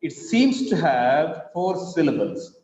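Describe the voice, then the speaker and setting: A man teaching over slides, explaining slowly and repeating his examples. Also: on the high side, big pitch swings, darkish tone. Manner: slow, repetitive explaining with spelled-out examples. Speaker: English teacher. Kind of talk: recorded lecture over slides. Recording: echoey, dull lo-fi room recording.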